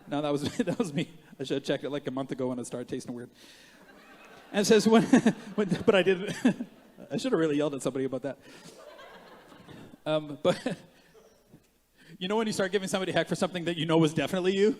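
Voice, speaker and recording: Male pastor, sermon delivery, raised-pitch voice, big swings in volume, playful self-mocking asides; church hall reverb. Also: fast talker. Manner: animated preaching, swings from quiet asides to loud emphatic rises. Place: church sanctuary.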